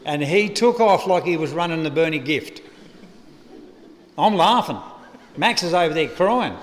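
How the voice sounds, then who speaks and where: An Australian man with a fairly high-pitched voice delivers a eulogy at a lectern microphone. He spins a loose, humorous yarn. His voice rings with long reverb in a funeral hall. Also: animated, measured pace, slight background noise. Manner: rambling, humorous yarn-spinning. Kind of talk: eulogy anecdote. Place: funeral service venue.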